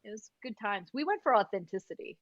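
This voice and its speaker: A woman's voice: medium pitch, fast, no echo, highs cut off. A woman voice actor as a guest on a casual interview, talking animatedly and joking. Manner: animated, jokey, slips into accents. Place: home, remote call.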